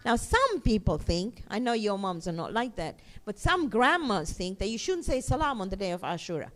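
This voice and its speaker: A middle-aged woman teaching a children's class in a mosque, lively, asking the children questions and answering them herself. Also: medium pitch, normal speed.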